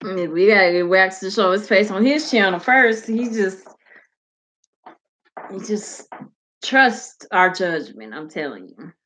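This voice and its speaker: A woman's voice: mid-range voice, lively intonation, unhurried, pauses often, a bit bright, slight background noise. Candid slangy woman chatting on her stream. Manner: loose, slangy and candid, with frequent swearing. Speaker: host of her own talk channel. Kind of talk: casual livestream chat reading viewer comments.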